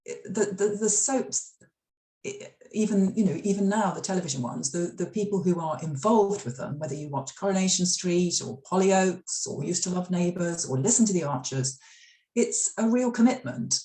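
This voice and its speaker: A woman's voice: fairly low pitch, animated, moderate pace, mellow. A middle-aged woman from the UK, an author telling stories in a library interview, chatty, with lots of fillers and restarts. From United Kingdom. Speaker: author and former radio drama scriptwriter. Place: library event room. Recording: echoey room.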